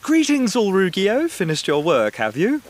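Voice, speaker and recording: A gentle British witch teacher. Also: sits high, huge pitch swings, moderate pace, background noise. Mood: wry, gentle. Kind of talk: anime dub acting.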